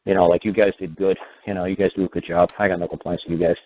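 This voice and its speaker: A man's voice: low-pitched, level tone, rapid-fire. A man hosting a radio talk show, rambling and profane, who keeps repeating "you know what". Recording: narrow phone-like radio audio.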